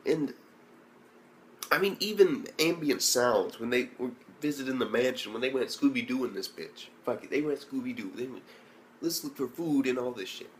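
A man's voice: mid-range voice, lively intonation, normal speed, a little hiss or hum. A man giving a casual, profanity-heavy anime review, ranting and full of exasperated rhetorical questions.

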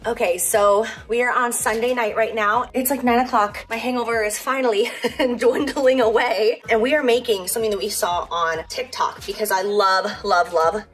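A woman's voice: fairly high pitch, steady tone, moderate pace, few pauses, faint music behind. A woman vlogging in a casual, gushing chat, full of "like" and giggles. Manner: chatty, gushing, sprinkled with "like" and giggles. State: hungover and tired.

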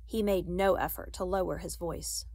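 A woman's voice: fairly low pitch, steady tone, moderate pace, darkish tone, no echo. Dry, close woman reading aloud. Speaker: audiobook reader. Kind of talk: reading a children's novel aloud.

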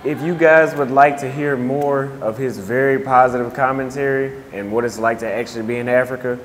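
A man's voice: mid-range voice, steady tone, brisk, big-room sound, slight background noise. A man hosting a channel, wrapping up an outdoor interview in a casual, friendly way with a little stammer. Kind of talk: casual wrap-up to viewers.

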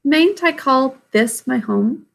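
A woman's voice: sits high, animated, takes it slowly, vocal fry, pitched above the performer's own voice, exaggerated voice. A woman reading aloud, voicing an eager young princess who asks her grandmother questions. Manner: pleading, questioning.

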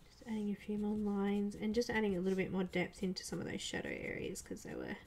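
A woman chatting casually on a live coloring stream, soft-spoken, often dropping into murmurs and whispers as she works. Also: mid-range voice, steady tone, fast, gravelly. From Australia. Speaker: livestream coloring artist.

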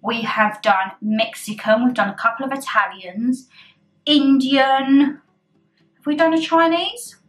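Bright-voiced chatty woman vlogger. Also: high-pitched, fairly even intonation, measured pace. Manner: chatty, self-mocking, talks with her mouth full. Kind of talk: casual chat to camera while eating.

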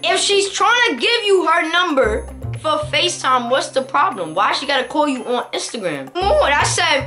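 A woman's voice: sits high, sing-song, normal speed, sharp tone, faint music behind. A woman hosting a prank video, narrating in a playful, slangy, teasing way. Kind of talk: casual vlog narration.

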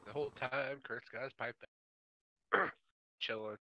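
A man's voice: mid-range voice, measured pace, pushed and bright, slight background noise, rough recording. A man playing a tabletop game, chatting casually and joking with the table. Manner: joking and playful. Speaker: player.

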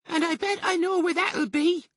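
A man voicing the smallest young fox, an eager, clever cub with a high squeaky voice. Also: fairly even intonation, normal speed, fairly bright tone, no room sound, studio quality.

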